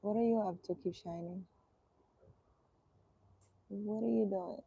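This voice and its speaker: Gravelly dark-voiced woman, outdoors. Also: medium pitch, highs cut off. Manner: answers viewer comments aloud, relaxed and unhurried. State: irritated throat, voice keeps catching. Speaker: energy healer. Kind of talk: casual live chat. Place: outdoors in the sun, birds around.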